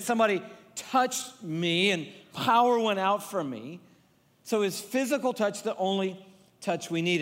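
A male pastor preaching a sermon in a large church, conversational and humorous, acting out little scenes. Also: sits high. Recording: long reverb of a large hall.

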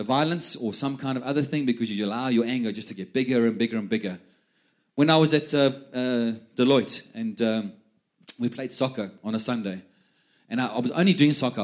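Man preaching conversationally. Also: medium pitch. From South Africa. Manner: conversational storytelling with many repeated words. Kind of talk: sermon.

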